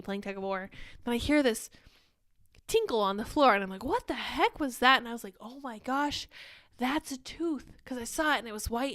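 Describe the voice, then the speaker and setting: With a fairly high, slightly bright voice, this young livestream host chats with animation and reads out viewer comments on her casual show, sounding a little short of breath.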